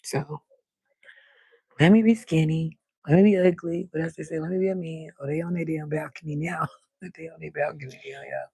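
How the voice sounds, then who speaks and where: Out on a balcony at night, a woman hosts a late-night livestream chat, loud and animated and cussing freely. Her voice is deep, gravelly and husky, her pace a little fast, and the recording dry.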